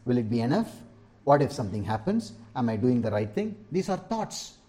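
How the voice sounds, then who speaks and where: A man's voice: medium pitch, sing-song, fairly quick, mellow. A middle-aged man, preaching a sermon as pastor, stressing and repeating key lines and asking the congregation for an "Amen?".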